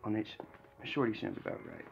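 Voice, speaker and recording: A man's voice: brisk, highs cut off, background noise. A man casually chatting on a live stream, rambling and telling a story in a loose, offhand way. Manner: rambling, baby-talks to his puppies. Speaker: vlogger.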